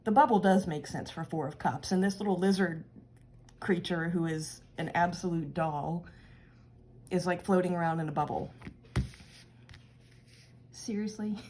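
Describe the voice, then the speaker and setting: A woman's voice: lowish voice, a little slow, pauses often, a little mellow, a little hiss or hum. A woman hosting her own tarot channel, chatting casually and laughing as she talks through a card reading.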